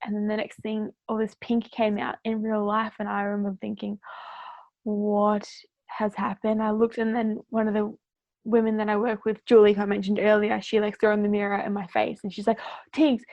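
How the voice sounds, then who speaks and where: A woman's voice: mid-range voice, monotone, a little fast, no room sound, dull audio. A woman telling stories as a podcast guest in a casual chat, leaning on "like" and acting out what people said. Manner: chatty, fills speech with "like", acts out quoted dialogue.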